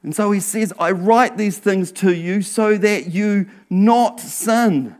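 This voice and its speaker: Male pastor, slow deliberate sermon delivery, slightly high voice, earnest with hushed asides. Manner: earnest, drops to a hushed near-whisper for emphasis; slow, emphatic preaching with rhetorical questions.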